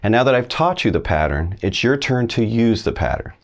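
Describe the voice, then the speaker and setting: A man's voice: medium pitch, very animated, a little fast. A middle-aged man giving a video language lesson, talking straight to the viewer in a folksy, encouraging way. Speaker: Spanish teacher.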